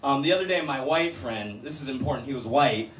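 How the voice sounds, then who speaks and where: A man's voice: mid-range voice, animated, fairly quick, a bit bright. A man doing stand-up comedy in an easygoing, chatty way. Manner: easygoing, chatty, lots of "you know". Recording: echoey club stage from far off.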